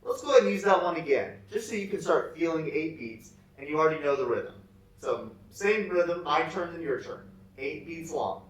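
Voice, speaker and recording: A man teaching a remote music lesson, leading students through rhythms in slow, patient call and response. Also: fairly high pitch, expressive. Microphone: camera set away from him. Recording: echoey room, far from the mic.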